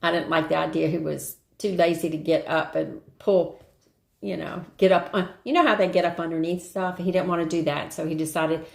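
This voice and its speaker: A woman's voice: lowish voice, moderate pace, vocal fry. An older woman hosting a live stream, telling a rambling everyday story in casual chat and greeting viewers along the way. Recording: roomy echo.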